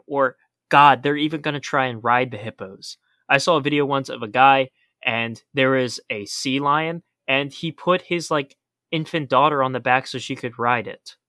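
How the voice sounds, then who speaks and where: A man's voice: medium pitch, pushed and bright, no room sound, clean studio sound. A man co-hosting a podcast, explaining in a casual chat with emphatic warnings. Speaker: podcast co-host.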